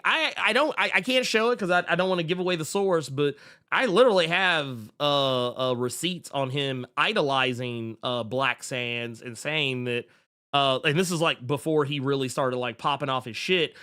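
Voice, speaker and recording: A man's voice: fairly high pitch, moderate pace, pushed and bright. A man hosting a podcast in casual chat, blunt and profane as he talks. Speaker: podcast host.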